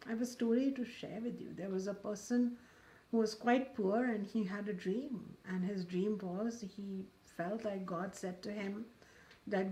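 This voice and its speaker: A woman's voice: medium pitch, steady tone, a little slow, dark tone. A woman spiritual teacher giving a talk, telling a parable in a storyteller's manner and drawing out key words for emphasis, then leading a guided meditation.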